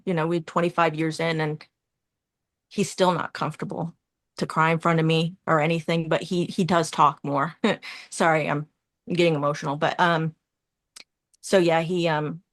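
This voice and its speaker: A woman in her forties talks in a low, deep voice, earnest and a little rambling, laughing softly between thoughts. Her voice is recorded close and dry, with no room around it. She is a guest in a casual, heartfelt conversation. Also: dry recording. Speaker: community guest.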